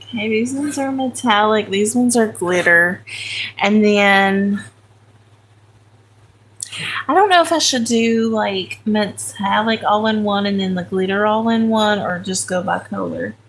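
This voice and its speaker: Country woman host, relaxed unhurried live chat, a touch of vocal fry. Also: mid-range voice, a little hiss or hum. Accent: American country. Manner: chatty, talks to viewers by name, self-correcting. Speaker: livestream host. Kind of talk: casual live chat while sorting crayons.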